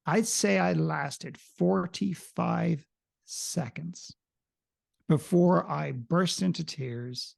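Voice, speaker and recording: Speaking very slowly with vocal fry, a podcast guest with a slightly high voice tells a candid personal story. He is animated and self-mocking, with some profanity.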